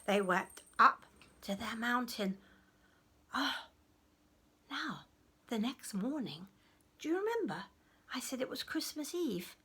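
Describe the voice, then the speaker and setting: Animated woman storyteller for children. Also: fairly high pitch, slow, long pauses, husky. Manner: animated, audience-prompting, drops to whispers.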